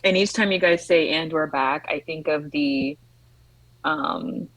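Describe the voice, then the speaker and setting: A woman's voice: low voice, a little slow, fairly bright tone, no room sound, rough recording. A woman guest, a digital creator, chatting eagerly on a video call. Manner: enthusiastic, chatty. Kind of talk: casual chat.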